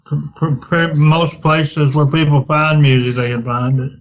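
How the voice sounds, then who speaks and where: A man, a band member guest, answering interview questions haltingly with many fillers. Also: on the high side, steady tone. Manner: slow, halting, lots of fillers. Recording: dull lo-fi podcast audio.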